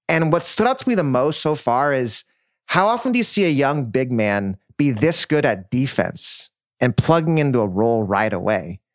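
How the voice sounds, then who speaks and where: A man's voice: mid-range voice, big pitch swings, normal speed, dry recording. Enthusiastic man on a dry podcast mic. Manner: enthusiastic, builds points with stats and comparisons. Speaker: podcast co-host. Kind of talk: casual basketball chat.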